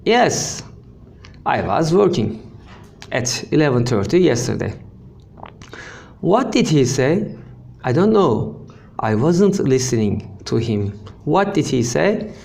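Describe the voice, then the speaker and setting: Slow, gravelly male English teacher. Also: a little high, sing-song, a little mellow. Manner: slow, repeats example sentences, frequent "okay?". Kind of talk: language lesson.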